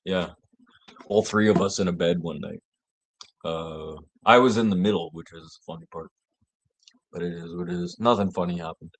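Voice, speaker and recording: A man's voice: low-pitched, moderate pace, long pauses. A man hosting his own show, rambling and joking with heavy swearing. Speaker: show host. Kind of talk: casual rambling monologue.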